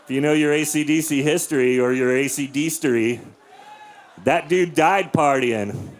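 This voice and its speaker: A man in his forties doing a crude, deadpan stand-up set in a comedy club, acting out quotes in silly voices. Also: a little high, normal speed. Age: 40s. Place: comedy club with a live audience.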